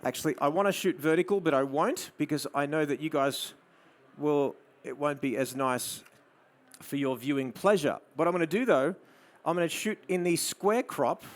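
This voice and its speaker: Australian male presenter, fairly high voice, live photo demo, drops to soft murmurs when directing the model. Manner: coaxing a model with soft murmured praise between explanations. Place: studio demo before an audience.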